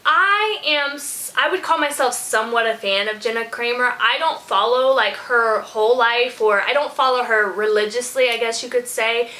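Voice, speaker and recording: Chatty woman reacting to songs, kinda high bright voice, rambles and says y'all. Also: moderate pace, few pauses, low-quality recording. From from a small country town. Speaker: music reaction vlogger. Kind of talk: casual chat.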